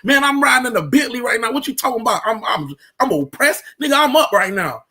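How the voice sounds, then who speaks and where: A man voicing a boastful, flashy rich man who brags quickly and brashly. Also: very high-pitched, animated, sharp tone, full character voice. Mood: bragging. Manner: brash, bragging, fast.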